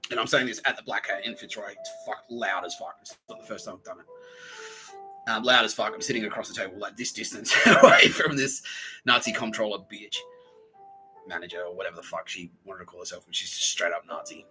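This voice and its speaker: Aussie bloke podcasting, rambly and sweary, really bright voice, bit of music underneath. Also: male voice, lowish voice, a little fast, rough recording. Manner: profane, rambling, laughing at his own stories. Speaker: podcast host. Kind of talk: rambling monologue.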